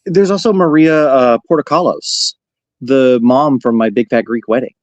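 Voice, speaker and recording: A man co-hosting a casual recap podcast, relaxed and conversational. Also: mid-range voice, moderate pace, no echo. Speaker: podcast co-host.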